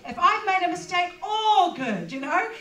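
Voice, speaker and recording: A woman's voice: very high-pitched, expressive, normal speed, sharp tone. A middle-aged woman pastor, preaching in a personal, conversational way with plenty of fillers. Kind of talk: sermon. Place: church hall. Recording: echoey hall, distant mic.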